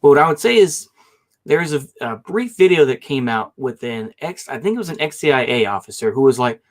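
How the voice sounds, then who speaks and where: A man's voice: mid-range voice, animated, fairly quick. Hesitant, rambling man in a debate. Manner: rambling and hesitant, hedging often. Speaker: debate guest. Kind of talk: online political debate.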